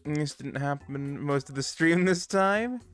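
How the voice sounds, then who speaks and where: Casting: chatty male game streamer, fairly high voice, faint game music underneath. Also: unhurried. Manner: chatty, excitable, talks to chat. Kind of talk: live gameplay commentary.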